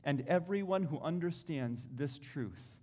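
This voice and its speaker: A preacher voicing a quiet, commanding king. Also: on the high side, expressive. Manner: hushed, deliberate, intimate address. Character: calm commanding male divine king, speaking softly. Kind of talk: dramatic first-person sermon monologue.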